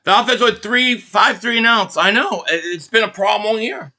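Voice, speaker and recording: A man from the Philadelphia area hosting a live football reaction stream, calling plays as an excited fan and reading out viewer donations. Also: high-pitched, normal speed. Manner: excitable fan commentary, reading out super chats.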